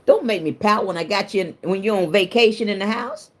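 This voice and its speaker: A woman's voice: medium pitch, fairly quick. A woman hosting a casual livestream, chatting with viewers and greeting them by name, emotional and confiding, laughing often. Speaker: livestream host.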